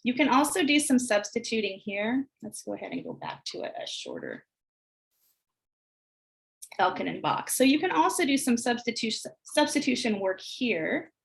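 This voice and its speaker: An American woman demonstrating early literacy exercises, sounding out words slowly and deliberately. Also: fairly high pitch, huge pitch swings, gravelly. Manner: slow, deliberate sounding out of phonemes. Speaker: teacher trainer. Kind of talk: instructional screencast demonstration.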